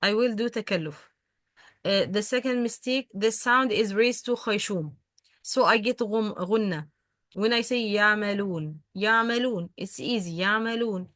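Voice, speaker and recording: A woman's voice: mid-range voice, dry recording. Arabic-speaking lady teaching recitation online, patient, lots of uh's, dry close sound. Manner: patient, repeats examples slowly, many hesitations. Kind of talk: online tajweed lesson.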